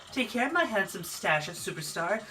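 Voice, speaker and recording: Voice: medium pitch, very animated, unhurried, sharp tone, slight background noise. A player doing a coy flirty thief. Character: flirty teasing female thief, smooth-talking. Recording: distant mic, game music behind.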